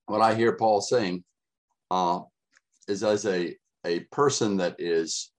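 Reading scripture aloud in a voice that sits low, a middle-aged preacher delivers his sermon, hitting key words again and again with mounting emphasis.

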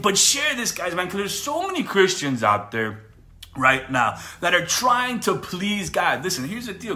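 A man's voice: fairly high pitch, pushed and bright. A man preaching casually on a livestream, fervent and repetitive, calling his viewers "man" and "guys" and laughing between points. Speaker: Christian preacher.

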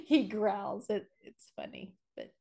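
A woman in her forties co-hosting a podcast, chatting casually and telling animated stories, laughing often and acting out the scares she describes. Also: mid-range voice, slow, gravelly, crowd noise. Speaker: podcast co-host. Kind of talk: casual chat.

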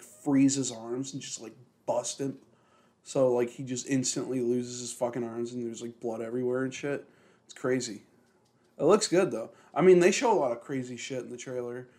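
A man's voice: mid-range voice, a little mellow. Rambling man, swearing casually. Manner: rambling, heavy swearing, many fillers. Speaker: podcast co-host. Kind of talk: casual chat.

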